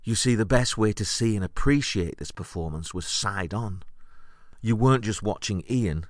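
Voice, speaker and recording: Wry deep-voiced man telling a story. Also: normal speed, no room sound, studio quality. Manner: wry, deadpan recollection. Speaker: podcast host. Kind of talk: comic storytelling monologue.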